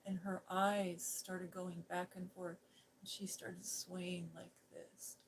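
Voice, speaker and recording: A middle-aged woman recounting a memory in a soft, hushed storytelling voice. She slips now and then into near-whispers. There is a faint hiss in the background. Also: on the low side, little pitch movement, takes it slowly, rough recording. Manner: gentle, hushed, drifting into whispers. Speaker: ASMR host.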